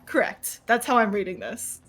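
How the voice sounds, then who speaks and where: A woman's voice: fairly high pitch, moderate pace, fairly bright tone. A woman commentating a charity game stream, upbeat and giggly, talking to the chat.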